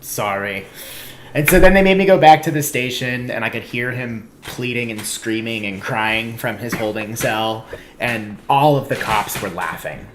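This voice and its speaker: A man's voice: mid-range voice, normal speed, background noise. A man in casual podcast chat, telling a wry, self-mocking story. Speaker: comedian guest.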